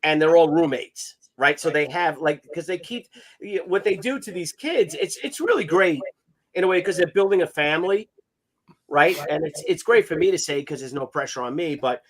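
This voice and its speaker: A man in his fifties hosting a comics livestream, telling family stories in a casual, animated way, swearing and laughing as he goes. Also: a little high, normal speed. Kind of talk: casual storytelling chat.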